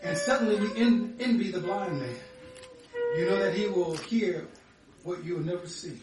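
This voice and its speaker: Man reading poetry, shrieking cries, echoey. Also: moderate pace. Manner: rhythmic, with sudden high screams. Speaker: poet. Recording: echoey, distant, loud music behind.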